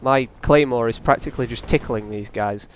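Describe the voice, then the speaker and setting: A man's voice: medium pitch, normal speed, a little hiss or hum. A man doing casual, rambling let's play commentary, often taunting the enemies on screen. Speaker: gaming channel host.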